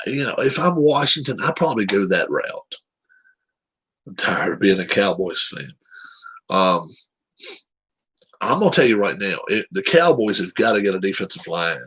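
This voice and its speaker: Blunt, husky-voiced man talking football. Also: sits low, a bit bright. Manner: blunt, profane, opinionated. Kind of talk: casual sports chat.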